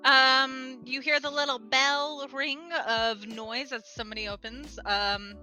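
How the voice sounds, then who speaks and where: A woman's voice: high-pitched, fairly even intonation, unhurried, sharp tone, soft background music. A woman narrating as game master of a tabletop game, casual and laughing often.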